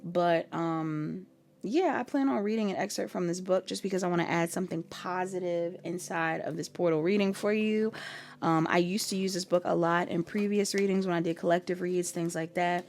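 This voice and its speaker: A woman's voice: fairly low pitch, steady tone, moderate pace, darkish tone, slight background noise. A sleepy woman giving a casual pick-a-card tarot reading, chatty and rambling, with frequent ums and little laughs. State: sleepy, staying up late.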